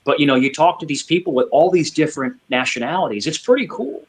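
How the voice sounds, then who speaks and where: A man's voice: a little high, lively intonation, quick pace. A man chatting on an online panel in an upbeat, enthusiastic way. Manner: upbeat, enthusiastic, says dude. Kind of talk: casual online panel chat.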